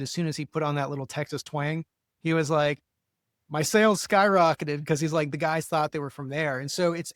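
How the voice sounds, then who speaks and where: A man's voice: a little high, dry recording, studio quality. A man from the Philadelphia area hosting a podcast, chatty and self-assured, rambling with many fillers. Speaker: podcast host. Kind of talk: casual interview talk.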